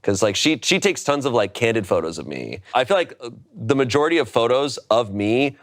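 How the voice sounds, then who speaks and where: A man's voice: medium pitch, big pitch swings, fairly quick. A man co-hosting a podcast, chatting in a laid-back, rambling way and laughing often. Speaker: podcast co-host. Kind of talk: casual chat.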